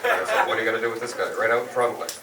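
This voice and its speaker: A man's voice: mid-range voice, sing-song, racing, gravelly, noisy background. An Irish man doing stand-up crowd work, teasing audience members and swearing. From Ireland. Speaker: stand-up comedian. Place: comedy club before a live audience. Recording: roomy live club sound from a distance, loud crowd. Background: audience laughter.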